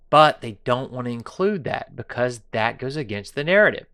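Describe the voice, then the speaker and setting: A man's voice: medium pitch, lively intonation, moderate pace, fairly bright tone. A man hosting a political commentary monologue, sarcastic and mocking, taunting his viewers and now and then dropping to a whisper for effect. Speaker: commentary show host.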